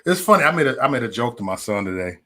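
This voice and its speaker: Male livestream host, lively pitch, rambling and foul-mouthed, casual chat with viewers. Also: rapid-fire. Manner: profane, loose and rambling, talks straight to chat.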